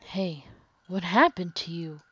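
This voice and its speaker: A woman's voice: lowish voice, animated, slow pace, bright, forceful tone, full character voice. A woman voicing an earnest young man who speaks with urgent concern, on a dull, dry recording. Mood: worried.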